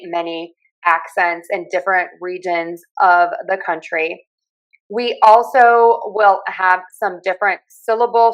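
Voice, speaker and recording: A woman with a Pittsburgh accent talks through speech sounds like a friendly teacher, spelling out each point clearly and stopping to demonstrate vowels. Her voice sits at an ordinary middle pitch for a woman. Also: fairly bright tone, low-quality recording. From Pittsburgh, USA. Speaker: speech pathologist and communication coach. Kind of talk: explanatory talk on accents.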